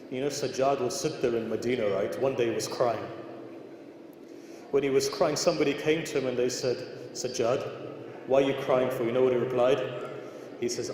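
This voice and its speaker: A male preacher telling traditions in an emotional sermon, speaking straight to his listeners and voicing the people in the stories. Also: medium pitch. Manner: addresses listeners directly, retells traditions with quoted dialogue. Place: large indoor shrine hall. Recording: roomy hall echo, background noise.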